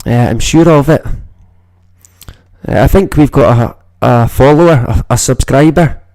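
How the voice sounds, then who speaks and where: A man's voice: medium pitch, measured pace, a little mellow, no room sound. A man with a Scottish accent from the northeast of Scotland, hosting a casual livestream chat and rambling with constant swearing. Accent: Scottish, northeast Moray. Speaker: livestream host.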